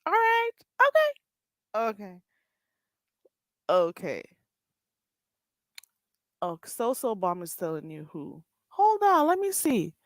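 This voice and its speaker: Fairly low in pitch, she talks slowly with long pauses, and there's no echo. The Jamaican-accented woman hosts a casual livestream, animatedly reading chat aloud, laughing and exclaiming.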